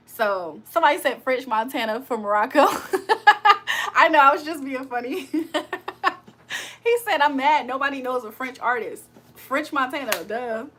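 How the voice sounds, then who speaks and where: Bright, laughing woman live-streaming. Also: high-pitched, normal speed, pauses often, slight background noise. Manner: playful, joking, laughs often; slangy, loose street-style talk. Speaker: livestream host. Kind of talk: casual live-stream chat, reading comments aloud.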